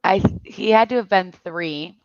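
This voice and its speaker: A woman's voice: medium pitch, a little slow, dry recording, highs cut off. A woman in her forties from Michigan, hosting a casual chat and telling stories, laughing often as she talks. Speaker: channel host.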